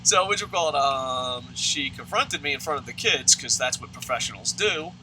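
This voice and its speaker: A man's voice: mid-range voice, lively intonation, normal speed, sharp tone, a little hiss or hum, rough recording. A man hosting a let's play, casually telling a personal story in a profane, sarcastic, rambling way with lots of fillers. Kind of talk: casual storytelling over gameplay.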